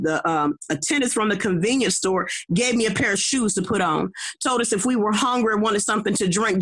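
A middle-aged woman evangelist recounts her testimony with an average-pitched voice and a forceful, emphatic delivery. She stumbles and restarts often, repeating words as she goes. She keeps turning to her listeners with a quick "okay?". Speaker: evangelist guest. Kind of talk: personal testimony storytelling.

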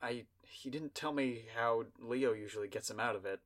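A man's voice: mid-range voice, normal speed. A man playing a tabletop game with friends. His voice sits in a middle range. He often hesitates and restarts his sentences. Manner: hesitant, stammering. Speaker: player. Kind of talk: casual tabletop play.

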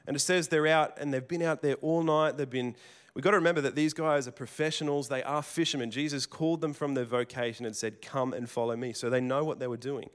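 A man's voice: mid-range voice, steady tone, fast talker, few pauses, clear, resonant tone. A man preaching a sermon in a conversational storytelling way, with casual restarts and asides. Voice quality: plain working tradesman's speech.

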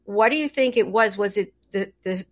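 A woman's voice: mid-range voice, normal speed. A woman interviewer asking long, winding questions in an effusive, searching manner.

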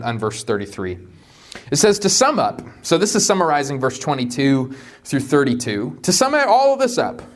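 A man in his thirties preaching a sermon, animated and joking, his voice jumping up high in playful asides. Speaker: pastor.

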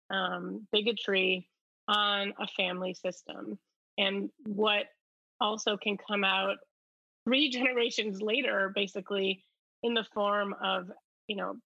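Woman guest, reflective and earnest, deep morning voice, crisp tense tone, dry muffled lo-fi line. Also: pushed and bright, no room sound. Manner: earnest and reflective, many fillers. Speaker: documentary filmmaker guest. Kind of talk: conversational interview answer.

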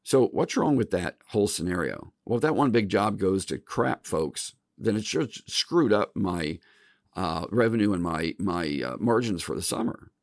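A middle-aged man with a low, gravelly voice tells stories on his podcast, speaking plainly and addressing his listeners as "folks." The sound is dry and close, with no room around it. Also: animated, moderate pace, no room sound. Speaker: podcast host. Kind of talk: casual storytelling monologue.

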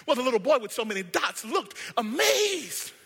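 Preacher, male, high and sharp voice, dramatic storyteller, long hall reverb. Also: big pitch swings, moderate pace, breathy edge. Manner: dramatic, swinging from hushed to shouted. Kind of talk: sermon with storytelling.

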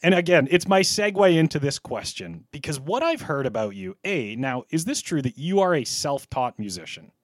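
Halting podcast host, man. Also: fairly high pitch, big pitch swings, dry recording. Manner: halting, lots of fillers and restarts. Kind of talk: casual podcast interview.

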